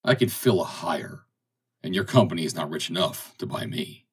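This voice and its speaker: A defiant sailor, educated but down on his luck, speaks with hot indignation in a deep, raspy voice, as a male audiobook reader voices him. The recording sounds a little distant, with the mic set back from the voice. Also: expressive, normal speed. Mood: indignant. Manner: impassioned, indignant. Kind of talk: audiobook dialogue reading.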